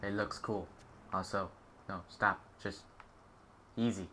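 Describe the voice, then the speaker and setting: Goofy young guy riffing over a game, talks to the characters, loud background noise. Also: sits low, steady tone, slow. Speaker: gameplay commentator. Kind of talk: casual let's-play commentary.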